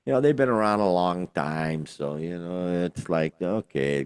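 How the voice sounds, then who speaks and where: A man's voice: low voice, measured pace, clear, resonant tone, no room sound. An older man co-hosting a casual podcast, rambling and joking with lots of fillers and exclamations. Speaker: podcast co-host. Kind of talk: casual chat.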